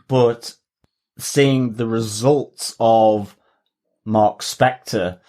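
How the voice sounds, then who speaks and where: A man co-hosting a casual podcast discussion, enthusiastic and halting, restarting his sentences as he goes. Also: on the low side, steady tone, warm tone. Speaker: podcast co-host.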